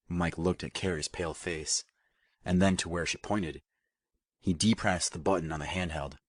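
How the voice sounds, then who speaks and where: This is scripted audiobook narration by a man with a low-pitched voice, told in a steady, even storytelling manner at a moderate pace. The recording is dry and of studio quality.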